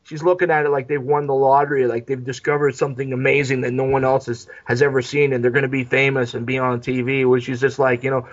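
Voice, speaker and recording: A man's voice: mid-range voice, fairly quick, few pauses, muffled recording. A man co-hosting a casual movie podcast, swearing freely and acting out characters in quoted voices. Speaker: podcast co-host.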